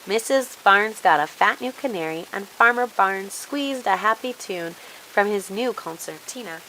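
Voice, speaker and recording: Bright-voiced woman reading a storybook. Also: medium pitch, normal speed, a little hiss or hum, poor audio. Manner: expressive, animated read-aloud.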